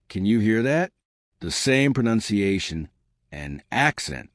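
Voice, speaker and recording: Guy teaching a lesson, lowish voice, really animated, keeps asking "right?", dry close sound. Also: measured pace, dry recording. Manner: encouraging, repeats "right?" to check in. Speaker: English teacher.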